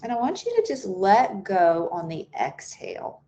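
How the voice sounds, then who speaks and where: A woman's voice: mid-range voice, big pitch swings, normal speed, mellow, lo-fi sound. A woman leading a guided breathing meditation in an unscripted, soothing way, with occasional fillers and restarts. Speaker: meditation instructor.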